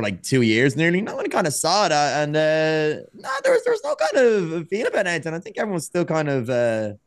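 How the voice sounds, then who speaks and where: A man chats on a podcast, his voice sitting a touch high and the sound dry and close. He tells stories in an animated rush, jumping into other people's lines as he goes. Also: no room sound. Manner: animated, acts out quoted dialogue, frequent restarts. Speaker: podcast guest, former wrestler turned streamer. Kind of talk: casual storytelling chat.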